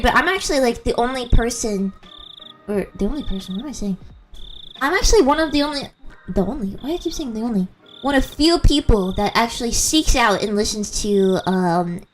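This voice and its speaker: A woman's voice: fairly high pitch, slight background noise. A woman streamer chatting casually, giggling often and rambling through restarts, on a handheld mic held close. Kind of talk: casual live-stream chat.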